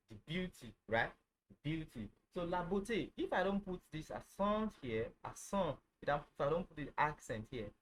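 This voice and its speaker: A man giving an informal French lesson, repeating words slowly, checking that viewers follow, and correcting himself as he goes. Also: mid-range voice, a bit bright, poor audio. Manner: restarts and self-corrects often. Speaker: French teacher.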